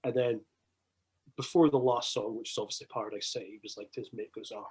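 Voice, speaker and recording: A man with a Scottish accent, swearing freely as he tells animated anecdotes in a casual podcast chat. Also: medium pitch, fast, breathy edge, low-quality recording.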